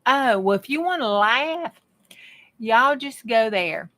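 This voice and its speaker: A woman's voice: on the high side, lively intonation, slow pace, a bit bright. A middle-aged woman, chatting to her viewers in a folksy way while she works on a craft project. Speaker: craft vlogger. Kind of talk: casual chat while crafting.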